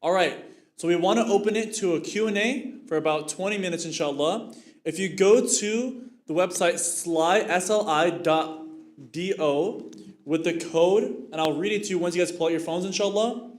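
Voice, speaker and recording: Quick-talking male host in an echoey hall. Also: high voice. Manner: quick, upbeat, mixes in Arabic blessings. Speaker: event host. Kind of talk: hosting announcements. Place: mosque hall.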